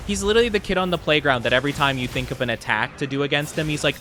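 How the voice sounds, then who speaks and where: This one has a fairly high voice and a fast pace, with a bit of hiss or hum in the audio. The young man is livestreaming a game, chatting playfully with viewers and reacting loudly and excitably to chat.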